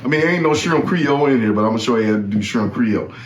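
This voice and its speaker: A man's voice: mid-range voice, expressive, quick pace, echoey room. A man hosting, walking through a cooking demonstration in a casual, chatty way and often repeating himself. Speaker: host.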